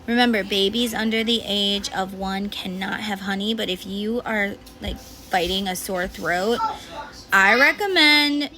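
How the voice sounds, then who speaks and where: A woman's voice: medium pitch, a little slow. Woman in her thirties, mom vlogger, rambling casual chat, lots of fillers, audible background noise. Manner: rambling, chatty, frequent fillers.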